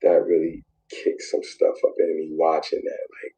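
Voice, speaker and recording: A man recounts a personal story in a very deep, dark, gravelly voice with a husky edge. He circles back over the same phrases and sinks to near whispers. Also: monotone, poor audio. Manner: repetitive, drawn-out, dropping to near whispers. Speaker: guest telling his story in a played clip.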